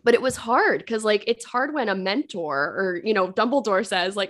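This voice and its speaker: A woman guest on a podcast, telling a personal story in casual chat, full of "like" fillers and acting out what others said. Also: moderate pace. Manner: chatty, many "like" fillers, acts out quoted voices; lively, swings up in pitch on quotes.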